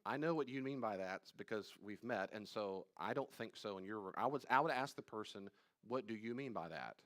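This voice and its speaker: A man, a pastor, teaching a live Bible study class, talking straight to his listeners with emphatic repetition and sudden drops to quiet asides. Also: on the low side, brisk. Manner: conversational, addresses listeners directly.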